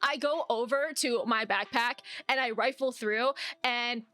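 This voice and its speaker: A woman's voice: on the high side, a little slow, pushed and bright. A young adult woman playing a tabletop game, chatty and upbeat, rambling on. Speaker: player.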